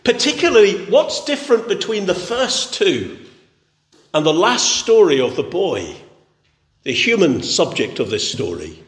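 A man preaches in a long, echoing hall. His voice sits high and swings widely in pitch. He builds emphasis through steady, repeated phrases. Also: unhurried. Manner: emphatic, repetitive preaching cadence. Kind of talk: sermon. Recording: echoey hall.

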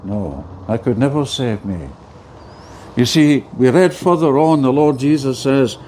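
A man's voice: mid-range voice, animated, unhurried, warm tone, a little hiss or hum. A man preaching an evangelistic sermon, earnest and emphatic, repeating key phrases for weight.

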